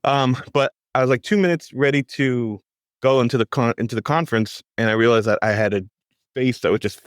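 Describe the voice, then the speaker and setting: Halting, self-deprecating man. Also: medium pitch, no room sound, studio quality. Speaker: podcast guest. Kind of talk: casual storytelling.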